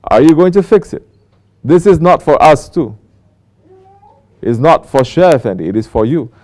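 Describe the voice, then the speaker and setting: Giving a sermon as a Sufi teacher, a man speaks with emphasis, fills his spiritual talk with rhetorical questions and mockingly quotes apologies. His voice is on the high side, animated and darkish in tone, at normal speed.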